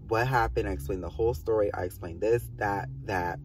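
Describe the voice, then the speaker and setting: A young man casually telling a storytime on his vlog, animated and swearing a lot, with many "like" fillers. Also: on the low side, a little fast, creaky, recorded from a distance, a little hiss or hum. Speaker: vlogger.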